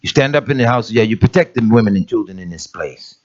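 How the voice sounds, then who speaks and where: In a dull, lo-fi recording, a middle-aged man serving as an assembly elder calls out to his listeners during a plain-spoken, emphatic sermon delivered conversationally. He speaks fast and expressively, with a lowish, darkish-toned voice.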